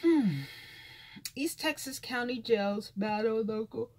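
A woman's voice: a little high, takes it slowly, a little mellow. A woman vlogger reading news headlines aloud and adding blunt, profane comments with sighs and asides.

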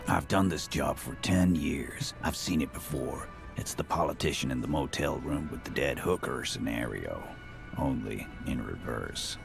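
An actor playing a gruff, commanding male union boss in a game, blunt and world-weary, with a deep gravelly voice. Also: lively intonation, unhurried, exaggerated voice. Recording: game audio with music behind. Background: music.

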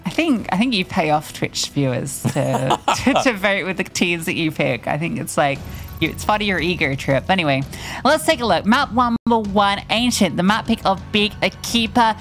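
Woman casting esports, teasing and lively. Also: fairly low pitch, normal speed, faint music behind. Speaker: esports caster. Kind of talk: play-by-play commentary.

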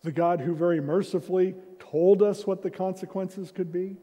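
A warm, high male voice holds a steady tone at normal speed. The senior pastor gives his sermon conversationally, with humor at his own expense, in a church sanctuary that echoes.

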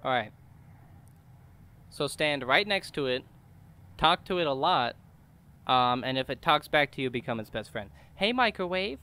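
A man's voice: mid-range voice, measured pace, long pauses, pushed and bright, clean tone. A young man making jokey let's-play commentary on a horror game, talking back to the game. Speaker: gaming YouTuber.

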